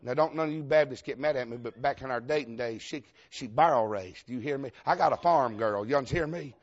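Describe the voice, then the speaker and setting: This Baptist preacher, a man with a Southern US accent, tells a humorous story mid-sermon, folksy and emphatic, laughing often and calling out to the congregation. His voice is medium-pitched and fairly quick, and the recording has a dull lo-fi sound.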